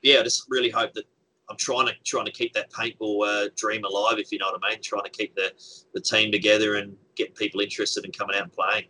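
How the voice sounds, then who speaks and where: A man's voice: on the low side, little pitch movement, fast, sharp tone, a little hiss or hum, low-quality recording. A man chatting casually as a guest game organizer, rambling with many fillers and restarts. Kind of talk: casual chat.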